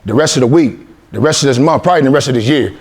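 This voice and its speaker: A motivational speaker in his forties from Columbus, Ohio, addresses young athletes in a medium-pitched, rapid-fire voice with a breathy edge. His talk is coaxing and repetitive, built around call-and-response lines.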